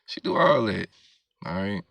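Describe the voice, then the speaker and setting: A man's voice: on the low side, very animated, measured pace, creaky, no echo, dull audio. A man preaching, reading scripture verses aloud and explaining them, often checking in with "all right?". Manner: keeps asking "all right?" and "you know what I'm saying".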